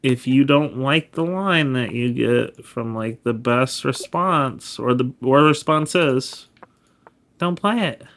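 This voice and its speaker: A man's voice: mid-range voice, slow pace, a bit bright. A man giving casual chess study commentary, laid-back and explanatory, often correcting himself as he goes. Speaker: chess streamer.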